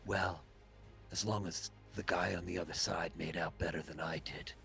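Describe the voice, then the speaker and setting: A man voicing a mysterious ancient male face trapped inside an orb, speaking in a hushed, solemn and reassuring way, as whispered role-play. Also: low-pitched, fairly even intonation, normal speed, vocal fry, faint music behind, voice pushed down. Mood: hushed, earnest.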